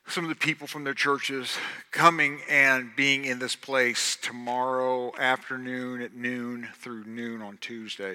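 A man with a Southern accent, a pastor making church announcements in a loud, animated, joking preacher style. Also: mid-range voice. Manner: loud, animated, jokey, swings between shouting and hushed. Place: church sanctuary. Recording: long hall reverb.

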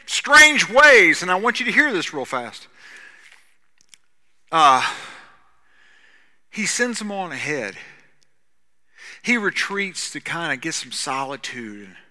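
Bright-voiced preacher man in a reverberant hall. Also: sits high. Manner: conversational preaching, swinging between loud and hushed. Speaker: pastor. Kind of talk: sermon. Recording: long reverb of a large hall.

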